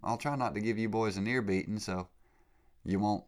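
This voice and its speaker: A man doing a put-on New Jersey accent, playing himself as a loud, friendly sports fan joking with strangers. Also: moderate pace, natural voice. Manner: boisterous, joking, high and loud.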